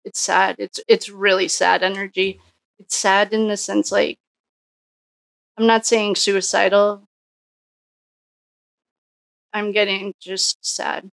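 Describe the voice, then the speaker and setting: A woman's voice: mid-range voice, gravelly, fairly bright tone, no room sound. A woman doing a casual solo tarot reading, musing and thinking aloud with frequent restarts. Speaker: psychic tarot reader.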